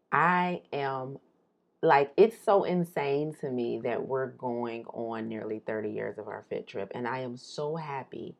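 Very deep, gravelly-voiced woman podcaster. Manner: animated, rambling, laughs often. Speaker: podcast co-host. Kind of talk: casual chat, imagining the future.

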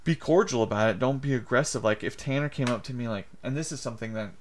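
A man's voice: mid-range voice, fast talker, a little hiss or hum. Earnest young man, casual podcast chat. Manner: earnest, rambling, acts out quoted lines. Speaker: podcast co-host.

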